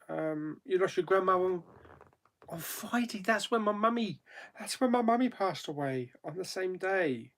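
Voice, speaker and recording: A man's voice: sits high, expressive, measured pace, a bit bright. A man hosting a live chat stream, greeting viewers one by one by name in an easygoing, chatty way. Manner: easygoing, thinks aloud with ums and asides.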